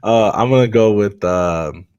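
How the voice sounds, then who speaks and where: A man's voice: fairly low pitch, a little slow, a little mellow, smooth, highs cut off. A man who is a podcast guest, chatting casually in a playful, joking way, using slang. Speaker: guest, former athlete. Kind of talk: casual interview chat. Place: home.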